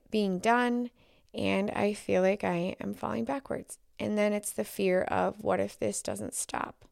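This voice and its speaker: A woman hosting a solo podcast, talking candidly and haltingly, often dropping to a near whisper. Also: mid-range voice, a little mellow, no echo, studio quality. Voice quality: gravelly fry. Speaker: podcast host.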